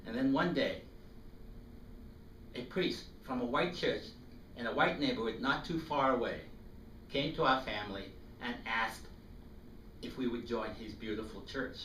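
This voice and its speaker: A man in his fifties from South Africa, telling a personal story to an audience in an animated way and acting out the voices. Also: mid-range voice, measured pace, pauses often. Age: 50s. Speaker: speaker. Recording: echoey room, distant mic, faint noise.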